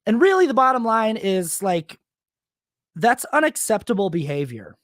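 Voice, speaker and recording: A man's voice: sits high, sing-song, normal speed, a bit bright, no room sound, clean studio sound. A man hosting a solo podcast, telling a self-deprecating story in a rambling, confessional way with many restarts. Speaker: podcast host.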